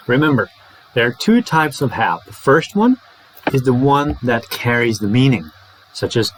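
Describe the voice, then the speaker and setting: Animated man teaching English. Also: medium pitch, a little hiss or hum, low-quality recording. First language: Czech. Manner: lively, playful, modeling phrases slowly and fast. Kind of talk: English lesson to camera.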